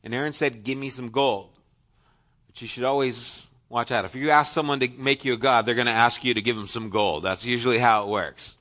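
Man, sermon, preacher, bright forceful tone, storytelling with asides. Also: mid-range voice, fairly even intonation, brisk, hardly any pauses.

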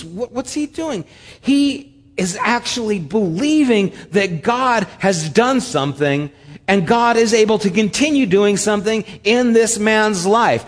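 A man with a high voice preaches a sermon, and his words ring out with a long hall reverb. He is animated, speeding up and slowing down and playing out the quoted lines as he goes. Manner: animated preaching, acting out quoted lines with shifts in pitch and pace. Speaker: pastor.

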